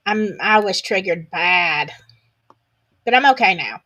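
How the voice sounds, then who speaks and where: A woman's voice: medium pitch, expressive, takes it slowly, long pauses, pushed and bright. A woman with a Southern US accent, hosting a casual solo livestream, chatting in a folksy, drawling way and reading viewer comments aloud.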